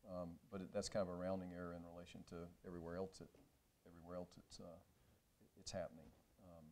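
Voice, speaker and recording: A man on a panel answering an audience question in a measured, hedging way with frequent restarts. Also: sits low, little pitch movement, a little mellow.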